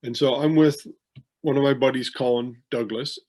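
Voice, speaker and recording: A man's voice: medium pitch, fairly even intonation, normal speed, a little mellow. A man co-hosting a podcast, telling rambling anecdotes with many restarts and fillers in a casual chat. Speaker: podcast co-host, wrestling promoter.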